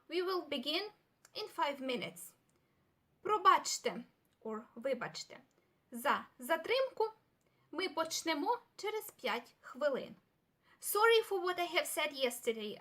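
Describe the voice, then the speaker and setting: A young adult woman giving a recorded language lesson. She explains step by step, gives example sentences and repeats key words slowly. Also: high-pitched, a bit bright. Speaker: language teacher.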